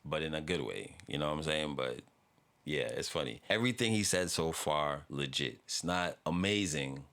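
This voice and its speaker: Very deep-voiced man, casual reaction host. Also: moderate pace, a bit bright. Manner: laid-back, rambling, laughs often, swears casually.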